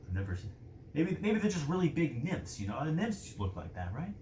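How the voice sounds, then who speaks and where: A man's voice: a little high, very animated, a little fast, warm tone. Rambling storyteller man, echoey room. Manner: rambling, filler-heavy. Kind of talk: casual storytelling. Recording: roomy echo, faint noise.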